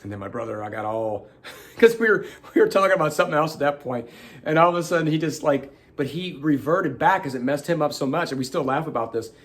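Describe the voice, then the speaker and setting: A man's voice: on the high side, fast talker. A middle-aged man hosting a show, telling a personal story in casual talk and acting out the voices of the people in it. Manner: animated, acts out quotes with sudden loud outbursts. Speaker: host.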